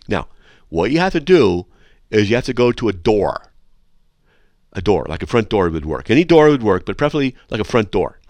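A man's voice: lowish voice, very animated, moderate pace, long pauses, darkish tone, no echo. A man hosting a talk radio show from a studio, lecturing sarcastically and reading listener emails aloud. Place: radio studio with a control room window.

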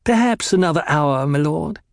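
A man's voice: fairly high pitch, lively intonation, moderate pace, creaky, no echo, clean studio sound. A man voicing a silky, nervous male advisor who answers his master deferentially and hesitantly.

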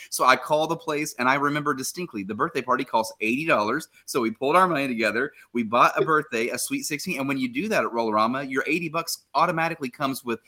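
A bright, forceful male voice with a clear edge to it. He is a young adult podcast host chatting casually. He spins a lively story and acts out the quotes along the way. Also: mid-range voice, quick pace, hardly any pauses. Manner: animated, acts out quotes, laughs while telling.

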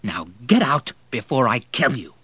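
A man voicing a furious, grieving young man who shouts and threatens. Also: mid-range voice, huge pitch swings, normal speed, husky, dry recording, voice pushed up, heavily acted. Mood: cold threatening. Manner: shouting through rage.

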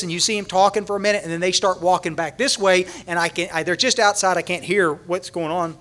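High-voiced man telling a story. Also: fairly quick, few pauses. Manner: animated, acts out scenes, frequent restarts. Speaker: recovery conference speaker. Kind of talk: storytelling talk to a large audience.

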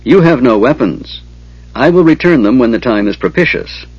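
Male narrator as a wise, commanding unicorn spirit of the wood; measured and stately, dull dry recording. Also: medium pitch, lively intonation, creaky, slightly rough, no room sound, pitched above the performer's own voice. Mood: reassuring. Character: wise ancient female unicorn, calm and commanding.

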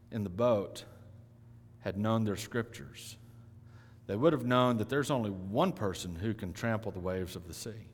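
A male pastor delivering a sermon, swinging between loud emphatic lines and hushed, quiet ones. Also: lowish voice. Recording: long hall reverb.

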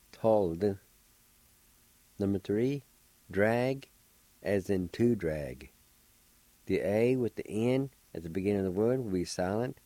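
A man's voice: sits low, dark tone, no room sound, poor audio. A middle-aged man, patiently spelling and pronouncing words as a radio language teacher. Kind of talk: slow spelling and pronunciation lesson.

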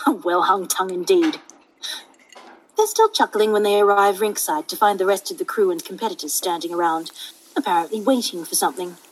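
A woman's voice: medium pitch, lively intonation, fast talker, slight background noise, low-quality recording. A woman reading a story aloud in a casual way, who swears at her own slips. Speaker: reader. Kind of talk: reading fan fiction aloud.

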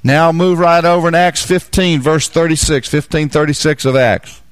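A man's voice: fairly high pitch, little pitch movement, normal speed, smooth, no echo. A man preaching a Bible teaching sermon, repeating key phrases and asking the listeners questions.

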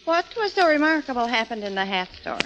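A patient housewife answers in a dry, plain way with a fairly high voice. The sound is a dull old radio broadcast. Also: female voice, very animated, fairly quick, fairly bright tone. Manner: dry, plain-spoken replies. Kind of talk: 1930s radio comedy acting.

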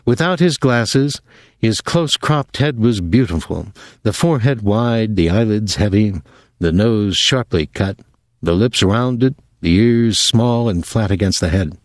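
Low-voiced male audiobook narrator. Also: no room sound. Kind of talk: scripted narration.

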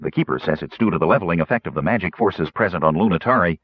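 Cheerful little gnome man, chatty and lively, read by a man; husky tone, dull dry sound. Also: deep voice, rapid-fire, no echo, pitched below the performer's own voice. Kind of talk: audiobook character voice. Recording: slightly muffled recording.

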